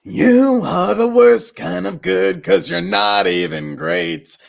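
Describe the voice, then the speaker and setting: A man voicing a loud, menacing talking knife, singing slowly and dramatically on a livestream. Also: high voice, creaky, full character voice. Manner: slow, drawn-out sung delivery.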